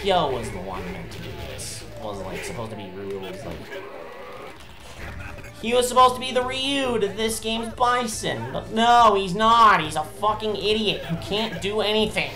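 A woman's voice: medium pitch, sing-song, moderate pace. A woman giving gameplay commentary in an exasperated, ranting way, swearing often. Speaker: let's play host. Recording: roomy echo with game music behind. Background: game music.

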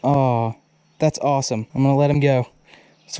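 A young man casually narrating his own fishing trip outdoors, excitable and quick to swear, recorded on a chest-mounted action camera. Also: mid-range voice, clean tone, no room sound. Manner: excitable and profane, swears freely when snagged. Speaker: fishing vlogger. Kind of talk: casual on-the-go vlog commentary. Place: outdoors at a creek by a bridge.

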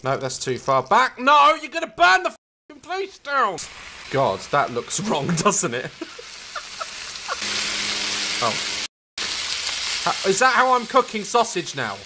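A man's voice: high-pitched, huge pitch swings, takes it slowly, long pauses, sharp tone, a little hiss or hum. A man giving comedic gameplay commentary, frantic and swearing constantly, yelping and cackling as things go wrong. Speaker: gaming YouTuber.

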